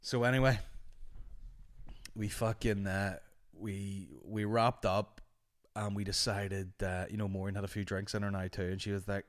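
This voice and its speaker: A young man with a slightly low voice hosts his podcast. He tells a rambling anecdote in a casual, lively, profane way. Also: moderate pace. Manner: animated, sweary anecdote-telling. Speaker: podcast host. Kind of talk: casual storytelling monologue.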